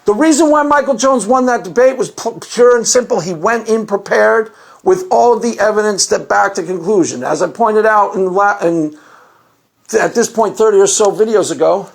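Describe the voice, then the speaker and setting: A man's voice: sits high, moderate pace, gravelly. A man hosting his own commentary video, talking in a loose, rambling monologue that repeats itself and laughs at his own jokes.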